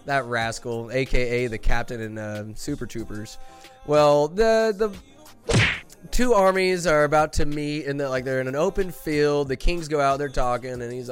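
A man's voice: medium pitch, normal speed, faint music behind. A young man hosting a podcast, rambling enthusiastically through a comedic movie recap with crude jokes. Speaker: podcast host.

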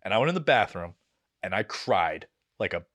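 A young man, telling a story on a podcast in casual, animated style, swearing often and acting out the people he quotes. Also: sits low, moderate pace. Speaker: podcast co-host.

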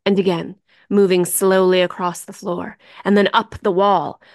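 A woman co-hosting a podcast, narrating a scripted story in an atmospheric way, dropping to a hush for suspense. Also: medium pitch, little pitch movement, normal speed, no room sound, clean studio sound. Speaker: co-host.

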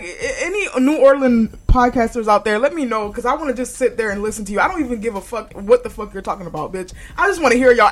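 A woman's voice: a little high, fairly bright tone. A young woman hosting a casual solo podcast, talking bluntly with lots of swearing and frequent laughs. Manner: blunt and profane, laughs often. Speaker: podcast host.

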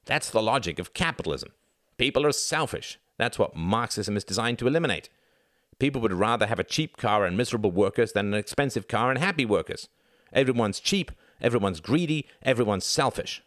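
A man's voice: lowish voice, lively intonation, fairly quick, a bit bright, no echo, studio quality. A man voicing a condescending young male student who lectures confidently on Marxism. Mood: lecturing.

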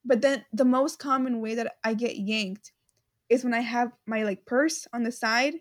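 A woman's voice: fairly high pitch, normal speed. A young woman chatting casually, rambling and giggling, with lots of fillers. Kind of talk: casual chat.

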